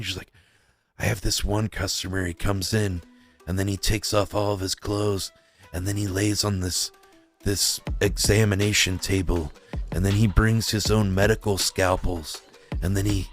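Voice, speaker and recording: A man's voice: on the low side, steady tone, unhurried, fairly bright tone, soft background music. A man telling a long, crude personal story in casual chat, rambling with lots of fillers and acting out the quoted lines in a raised voice.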